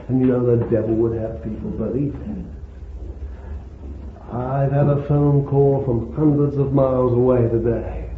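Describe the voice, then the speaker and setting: A man's voice: medium pitch, steady tone, slow pace, a little hiss or hum. A man preaching a sermon with fervent, lingering emphasis on repeated words, recorded on a tinny old sermon tape in a roomy church hall.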